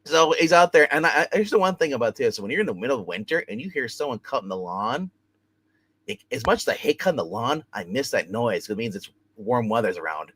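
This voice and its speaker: A man's voice: medium pitch, big pitch swings, fast talker, a bit bright, slightly rough, no echo. A man co-hosting a casual TV review chat, recapping episodes in a rambling way full of repeats and fillers. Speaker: co-host reviewing a TV show.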